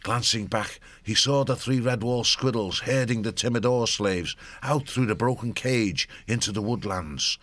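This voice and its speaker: A man narrating an audiobook in a steady storytelling manner. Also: medium pitch, moderate pace, hardly any pauses.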